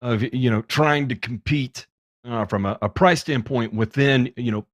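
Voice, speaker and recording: A man's voice: lowish voice, no echo. A man hosting a podcast in casual chat, joking and teasing his guests and swearing freely. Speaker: podcast host.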